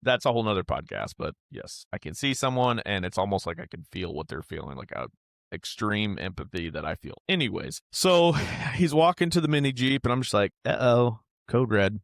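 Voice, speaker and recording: A man in his thirties hosts a podcast and tells a story from home. His voice sits low, and he rambles in a candid, heartfelt way with some casual swearing. The sound is close and dry, with no room echo. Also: very animated, fairly quick, gravelly, a bit bright. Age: 30s. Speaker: podcast host.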